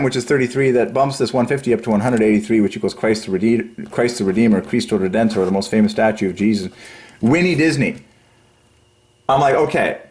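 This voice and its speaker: A man hosting a religious channel, rambling through a numerology monologue, excitable and giggly, then dropping to low quiet mumbling while he counts. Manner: giggly, excitable, breaks into high laughs. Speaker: religious YouTube channel host.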